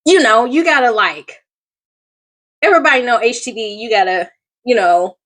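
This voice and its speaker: A woman's voice: a little high, expressive, unhurried, bright, forceful tone. A middle-aged woman, telling her story in a rambling, chatty personal vlog, full of fillers and asides. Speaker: small craft business owner.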